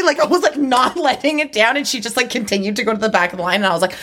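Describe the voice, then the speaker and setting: A woman's voice: a little high, fast, few pauses. A woman in casual conversation, telling a story bluntly with lots of swearing. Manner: blunt, profane, animated storytelling. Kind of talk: casual chat.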